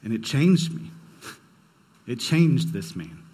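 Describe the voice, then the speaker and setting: A man's voice: medium pitch, big pitch swings, slow pace, dark tone, slightly rough. A young man preaching a sermon, telling a personal story in a casual, conversational way. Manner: conversational, storytelling with quoted dialogue. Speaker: pastor.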